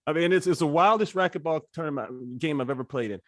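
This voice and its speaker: A man co-hosting a sports podcast, an animated storyteller who laughs often as he talks. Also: fairly high pitch, fast talker, no room sound, clean studio sound. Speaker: podcast co-host. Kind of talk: casual sports chat.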